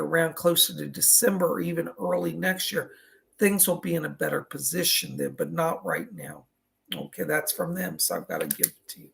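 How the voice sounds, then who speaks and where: Very gravelly man giving psychic readings. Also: fairly high pitch, fairly bright tone. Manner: relays messages, often pauses with "hold on". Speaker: psychic medium. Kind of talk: live online psychic readings.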